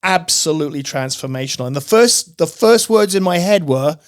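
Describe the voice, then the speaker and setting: A middle-aged man telling his life story as a podcast guest, emphatic and animated, acting out his own past outbursts. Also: high-pitched, slow pace, long pauses. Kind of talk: testimony in casual interview.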